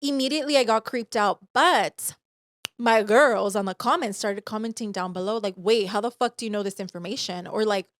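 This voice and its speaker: A young woman co-hosting a podcast, telling a story in animated, profane casual chat and acting out the voices she quotes. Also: medium pitch, brisk, dry recording. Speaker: podcast co-host. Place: podcast studio.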